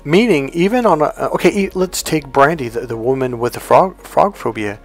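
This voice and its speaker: A man's voice: medium pitch, animated, moderate pace, soft background music. A man in a life coach role, talking through an example in a casual teaching monologue and acting out the quoted dialogue. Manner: conversational, acts out quoted dialogue.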